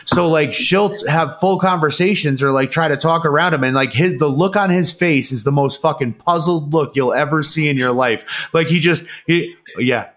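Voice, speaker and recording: A man with a slightly high voice chats casually, telling a story in a loose, animated way. He swears a lot and jumps up in pitch when he acts out other people's lines. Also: normal speed, hardly any pauses. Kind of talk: casual chat.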